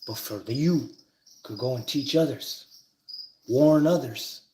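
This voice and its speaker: A man teaching about spiritual ideas in a casual, rambling monologue, swearing freely, restarting sentences, and getting loud and excited when he makes a point. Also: mid-range voice, unhurried. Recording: echoey, with bird and cricket noise.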